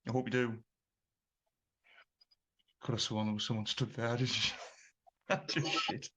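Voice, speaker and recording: A man joining a live-stream seance as a guest medium, low-key with dry remarks. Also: level tone, a little slow, a bit bright, slight background noise. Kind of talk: casual live-stream chat.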